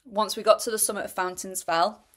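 A woman's voice: medium pitch, steady tone, a little fast, a bit bright. A young woman telling a rambling, chatty story about running an ultra race. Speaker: runner reviewing a race. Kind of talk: casual spoken race recap.

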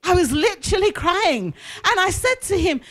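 A woman school consultant giving a talk to school staff in a conference hall, telling stories with lively, emphatic repetition. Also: extremely high pitch, normal speed.

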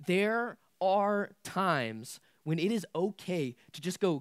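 A man's voice: high-pitched, animated, takes it slowly, few pauses, no echo, studio quality. A young man preaching a casual youth sermon, candid and conversational with lots of filler words. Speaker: youth pastor.

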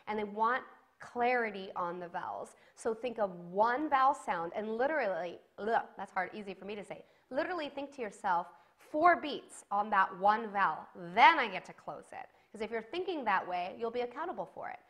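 A woman's voice: medium pitch, lively intonation, normal speed, fairly bright tone. A woman teaching a singing lesson to camera, giving encouraging instructions and demonstrating sung vowels between them.

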